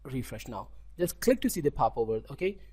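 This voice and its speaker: A man's voice: medium pitch, very animated, warm tone, husky. A man with an Indian accent walking through a coding tutorial, often restarting and correcting himself and checking in with "okay?". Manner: halting, self-correcting, repeats words, frequent "okay?". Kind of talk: screen-recorded coding tutorial.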